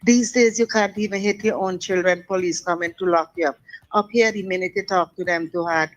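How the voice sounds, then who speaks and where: An older woman calling in to a radio talk show, giving forceful, preachy advice over the phone. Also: lowish voice, steady tone, a little fast, rough recording. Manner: forceful, preachy advice with local dialect grammar. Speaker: caller.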